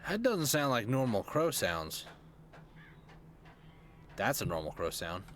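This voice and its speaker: A man's voice: medium pitch, sing-song, slow, a bit bright. Young man, casual streamer commentary, joking, game noise under his voice. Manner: chatty, joking asides to viewers.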